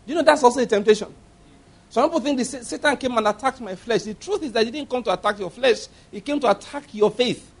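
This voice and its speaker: A man with a high voice preaching a sermon. He tells stories animatedly, acting out laughter and voices. He speaks emphatically, putting questions straight to the listeners. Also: fast talker. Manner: emphatic, addresses congregation directly.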